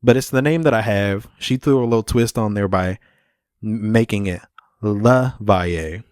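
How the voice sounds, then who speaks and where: A man's voice: lowish voice, measured pace, darkish tone, clean tone, no echo. Young male podcaster, loose and profane, chatting alone on a dry close mic. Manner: profane, rambling, laid-back. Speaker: podcast host. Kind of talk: casual solo podcast chat.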